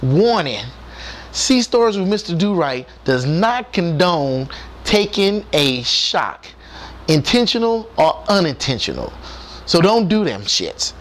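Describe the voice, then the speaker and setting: A man's voice: a little high, slow. A man who is a former Navy submarine technician, telling sea stories in a casual, profane, colloquial way and talking straight to his viewers. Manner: animated, profane, colloquial, addresses viewers directly. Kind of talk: casual storytelling.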